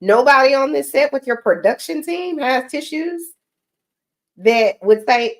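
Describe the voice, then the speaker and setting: A woman giving casual reaction commentary, talking deliberately and correcting herself as she goes. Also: high-pitched, animated. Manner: deliberate, self-correcting, direct.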